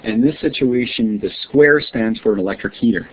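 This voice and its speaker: A man teaching an online science class, friendly and encouraging, often checking in with his students. His voice sits at an ordinary pitch. It comes through a thin, phone-like line with a soft hiss behind it. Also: moderate pace. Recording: tinny lo-fi line with faint hiss.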